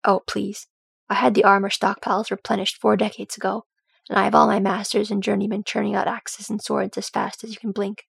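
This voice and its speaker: A woman's voice: mid-range voice, little pitch movement, a little fast, gravelly, husky, dry recording, exaggerated voice. A woman voicing a practical dwarf queen who works as a smith, with a dry, wry manner in a storybook reading.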